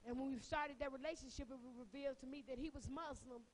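A woman minister with a Southern US accent preaching a testimony sermon, fervent and crying, swinging from soft words to shouts. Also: high voice, quick pace, slight background noise, rough recording.

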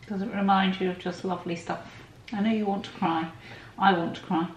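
A woman off to the side encouraging someone close to her, warmly supportive. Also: mid-range voice, fairly even intonation, fairly quick, lo-fi sound, soft background music. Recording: echoey room with clear noise.

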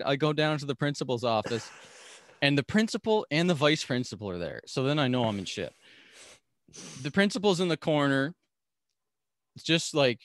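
A man's voice: mid-range voice, dry recording, studio quality. A man telling a story as a podcast guest, talking animatedly and laughing often. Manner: animated, laughs often, acts out quoted voices. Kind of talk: storytelling in a casual interview.

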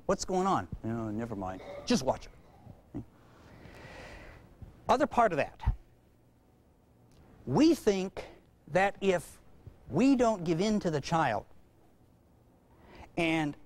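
A man lecturing parents in a humorous, animated way, acting out bits of dialogue between parent and child. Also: sits high.

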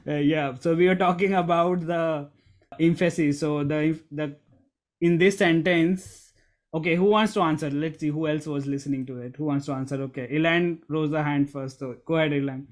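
A middle-aged man leads an online coaching session over a video call, speaking into a desk microphone. His voice sits a little high for a man, and he leans hard on key words, repeats his points and calls on people by name. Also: fairly even intonation, moderate pace. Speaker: storytelling coach. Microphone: desk USB microphone.

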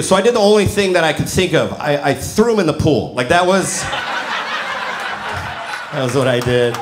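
A man's voice: mid-range voice, moderate pace, pauses often. A man in his forties performing a stand-up comedy set, telling stories and acting out what people said. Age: 40s. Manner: animated storytelling, acting out quotes. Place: comedy venue with a laughing audience. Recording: roomy live venue with audience noise.

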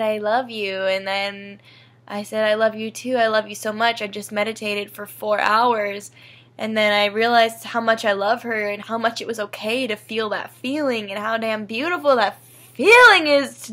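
A woman's voice: a little high, fairly even intonation, measured pace, fairly bright tone. A young woman vlogging in a casual, rambling, emotional way, swearing freely. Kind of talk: casual personal vlog.

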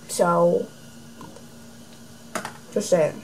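A teenage girl chats to her camera at home in a fairly high voice. She rambles, drops "like" everywhere and leans on dry sarcasm. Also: normal speed, darkish tone, low-quality recording. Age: teens. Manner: rambling and sarcastic, heavy use of "like". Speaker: vlogger. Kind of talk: casual chatty vlog. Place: room at home, indoors. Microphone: camera facing her.

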